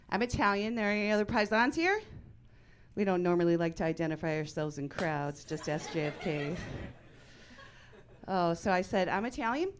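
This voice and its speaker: A woman in her forties performing a stand-up comedy set, telling stories in a deadpan way that breaks into loud outbursts. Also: fairly low pitch, normal speed, long pauses, slight background noise.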